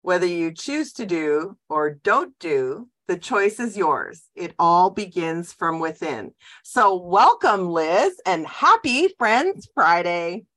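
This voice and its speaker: A woman with a slightly low voice hosts a casual podcast interview. She talks conversationally, with plenty of "uh" fillers and self-corrections. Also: big pitch swings, slow pace, hardly any pauses, fairly bright tone. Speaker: podcast host.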